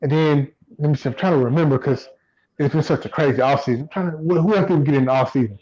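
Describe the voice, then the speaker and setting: A man co-hosting a casual sports podcast, relaxed and repeating himself as he thinks. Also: fairly high pitch, fast, muffled recording. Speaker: podcast co-host.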